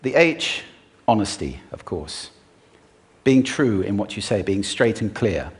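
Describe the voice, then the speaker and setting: A man's voice: fairly low pitch, lively intonation, unhurried. A man who is a voice expert gives a live talk on a stage before an audience and uses his own voice to demonstrate his points.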